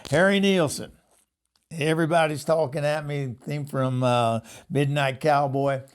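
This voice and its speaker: An older man hosting a show tells rambling, casual stories, laughing often and acting out the voices of the people he quotes. His gravelly voice is fairly high-pitched, with a steady tone and a measured pace.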